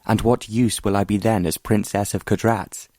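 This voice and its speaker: A man's voice: lowish voice, flat delivery, normal speed, dark tone, no room sound, clean studio sound, close to an everyday voice. A man voicing a frightened but defiant young noblewoman, pleading and protesting desperately.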